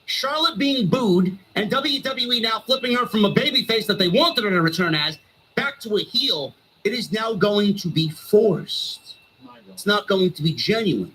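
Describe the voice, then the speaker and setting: A man's voice: high-pitched, bright, forceful tone, a little hiss or hum, low-quality recording. A male streamer delivering a heated, sarcastic wrestling rant full of swearing.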